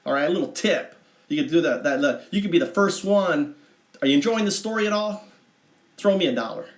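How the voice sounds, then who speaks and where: High-voiced rambling male streamer. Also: lively intonation. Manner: meandering, halting, full of asides. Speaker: livestream storyteller. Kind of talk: rambling livestream storytelling. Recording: echoey room.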